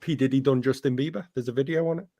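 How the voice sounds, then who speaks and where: A man hosting a late-night chat, blunt and quick to laugh. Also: medium pitch, fairly even intonation, highs cut off, crowd noise. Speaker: host.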